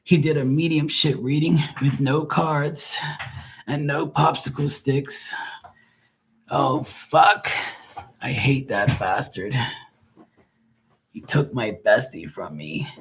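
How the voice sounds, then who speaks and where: A man's voice: medium pitch, takes it slowly, long pauses, slight background noise. A man voicing a petty, chain-smoking woman psychic with a chalky smoker's voice and a crude, bitter way of talking.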